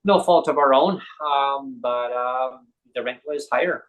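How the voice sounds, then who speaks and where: A man with a Canadian accent, a guest on a talk show, telling a personal story in a casual, animated way and acting out the voices of others. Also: mid-range voice, a little slow, phone-quality sound.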